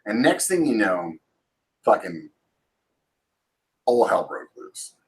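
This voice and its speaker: A man's voice: lowish voice, big pitch swings, slow, poor audio. Swearing forty-something man telling a story. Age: 40s. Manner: swears freely, rambling with fillers and restarts; acts out quotes in a raised voice. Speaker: channel host. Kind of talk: casual storytelling livestream.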